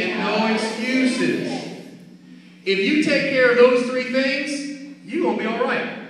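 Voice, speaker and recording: A man giving an energetic motivational talk to schoolchildren, repeating key phrases and calling for answers. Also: sits high, a little hiss or hum. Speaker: guest speaker at a school. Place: school hall or gym. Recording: echoey hall picked up from far off.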